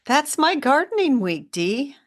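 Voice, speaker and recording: A woman from Indiana co-hosting a casual gardening podcast, telling stories in a chatty, animated way. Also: high voice, measured pace. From Indiana, USA. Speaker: podcast co-host.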